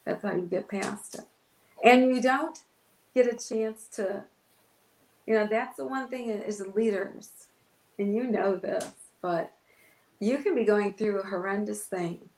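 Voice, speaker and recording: A woman pastor with a medium-pitched, slightly mellow voice speaks at a measured pace, recorded roughly in an echoey room. In an interview, she gives her testimony, an emotional personal story in which she acts out words she once said.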